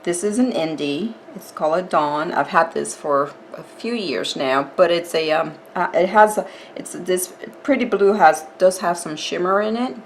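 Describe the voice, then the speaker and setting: A woman with a fairly low voice walks through a nail art tutorial, chatty and relaxed, explaining each step as she goes. There is a faint hiss in the background. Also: normal speed.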